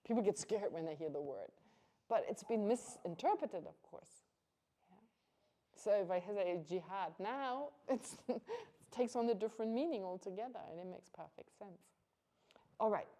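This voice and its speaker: A woman's voice: mid-range voice, expressive, normal speed, warm tone. A woman giving an informal Buddhist teaching to a class, chatty and conversational, laughing often and restarting her sentences.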